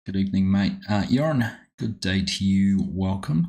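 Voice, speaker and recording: A man's voice: sits low, expressive, moderate pace, mellow. A man with a New Zealand accent hosting a live game stream, chatting casually and greeting viewers by name.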